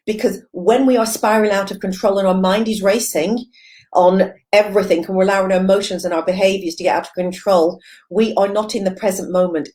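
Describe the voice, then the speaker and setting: A woman's voice: mid-range voice, darkish tone. A woman mindfulness coach giving an encouraging, conversational live-stream talk, repeating phrases and using many fillers as she reads viewer comments.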